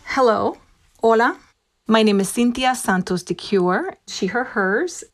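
A woman's voice: mid-range voice, lively intonation, measured pace, faint music behind. A woman from Puerto Rico with a Puerto Rican accent, Spanish her first language, an acting professor answering interview questions in a reflective, musical way. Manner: musical, demonstrates speech rhythms.

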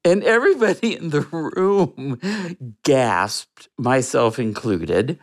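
An interview guest recounts a personal story in an earnest, reflective way. The telling is slow and unhurried, with soft laughs along the way, at a middle pitch. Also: big pitch swings.

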